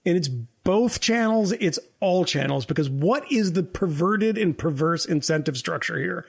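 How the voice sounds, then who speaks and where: A man's voice: high-pitched, animated, normal speed, vocal fry, breathy edge. A man co-hosting a podcast, ranting in a heated and profane way and throwing in mocking quoted voices. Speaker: podcast co-host. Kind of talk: heated political podcast rant.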